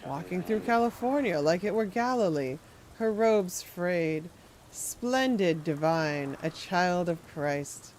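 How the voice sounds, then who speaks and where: A woman reading aloud as a creepy older man in a game. He speaks slowly and ominously and calls himself a guardian. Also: fairly low pitch, animated, a little mellow, slight background noise. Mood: menacing.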